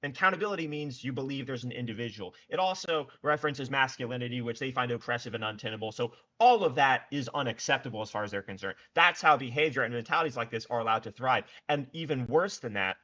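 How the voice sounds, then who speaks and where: Young guy doing snarky political commentary, bright tense voice, kinda dull lo-fi sound. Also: medium pitch. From United States. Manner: sarcastic, scornful. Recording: dull lo-fi recording.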